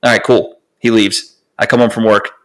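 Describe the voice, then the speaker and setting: A young man co-hosting a podcast, telling a long story in casual chat, animated and profane, with lots of fillers. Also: on the low side, normal speed. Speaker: podcast co-host.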